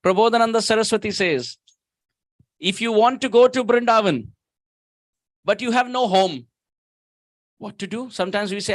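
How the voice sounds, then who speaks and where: A man preaches at a temple in a high, ringing voice. He tells stories with emphasis and slows right down to chant verses. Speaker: guest speaker at temple. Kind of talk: sermon.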